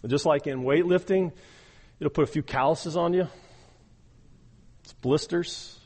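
Male pastor, fairly high voice, earnest sermon, long hall reverb. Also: a little slow, a little mellow, slightly rough. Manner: earnest, repeats words when starting sentences, frequent okay and all right.

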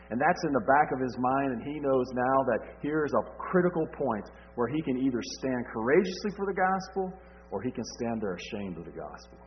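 A man's voice: mid-range voice, animated, fairly quick, slight background noise. A man preaching a sermon, asking rhetorical questions and building emphasis. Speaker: pastor. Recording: dull lo-fi sound.

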